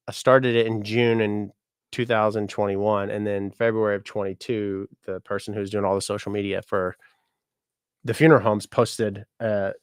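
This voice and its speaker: The streamer, a musician and content creator in his thirties, speaks in a clean voice on the low side. Chatty and jokey, he laughs often, swears, and greets viewers by name, all in a dry, clean studio recording.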